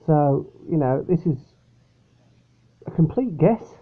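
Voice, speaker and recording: A man's voice: on the high side, animated, slow pace, breathy edge. A young man casually reviewing a beer at home, rambling and chatty and often correcting himself. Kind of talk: casual product review vlog. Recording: tinny phone-like recording.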